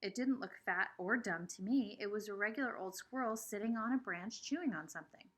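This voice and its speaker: A woman's voice: mid-range voice, a little fast. A woman reading a children's novel aloud with expression. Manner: expressive, shifting between voices. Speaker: reader.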